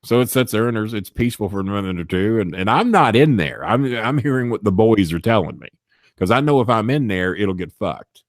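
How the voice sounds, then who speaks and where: In casual chat, a storyteller guest tells a profane backstage story, acting out the people he quotes in shifting voices and swearing often. His voice is on the low side, expressive and fairly quick, recorded clean in a studio with no room sound.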